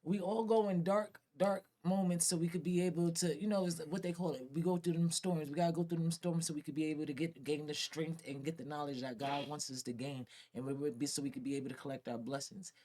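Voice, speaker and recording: A woman's voice: low voice, steady tone, fast talker, hardly any pauses, warm tone. A woman speaking earnestly and encouragingly in casual talk, with spiritual words of support. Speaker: daughter, guest.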